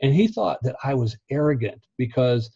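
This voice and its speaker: A man's voice: mid-range voice, expressive, normal speed, creaky, mellow, breathy edge, no echo. Laid-back man on a muffled line. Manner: laid-back, laughs often while talking. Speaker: interview guest. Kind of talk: casual interview chat. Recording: dull, muffled recording.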